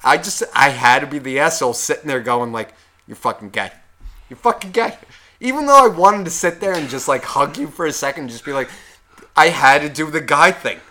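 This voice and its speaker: A man co-hosting a podcast, telling a wedding story in a profane, animated way with loud outbursts. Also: on the high side, a little fast. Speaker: podcast co-host. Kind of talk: casual chat.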